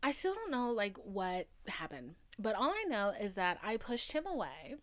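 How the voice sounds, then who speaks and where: A young woman in her twenties hosting a podcast and telling personal stories off the cuff. Her pitch jumps around a lot as she talks. She swears freely and keeps checking in with the listener. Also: normal speed. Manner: animated, profane, says "okay?" often. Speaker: podcast host. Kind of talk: casual storytelling monologue.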